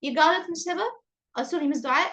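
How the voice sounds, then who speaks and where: A woman's voice: sits high, fast talker, a bit bright, poor audio. A woman teaching an online English class over a video call, acting out rising and falling intonation in her example sentences.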